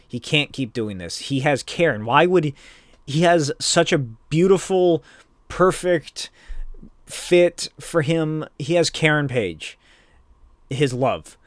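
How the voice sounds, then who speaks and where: A man's voice: a little high, animated, takes it slowly, dry recording, studio quality. A man hosting a podcast, recapping a comic book in a casual, rambling way with lots of filler words. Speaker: podcast host.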